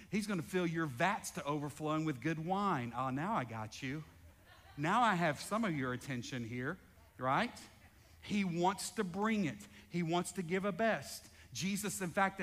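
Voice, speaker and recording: A man preaching a sermon as pastor, animated, calling out to the congregation in a large church. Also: sits high. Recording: echoey hall reverb.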